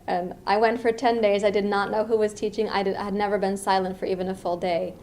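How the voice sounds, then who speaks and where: Middle-aged woman from the US East Coast, meditation teacher giving a dharma talk; unhurried and reflective, mid-range voice, lively asides. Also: medium pitch, a little hiss or hum.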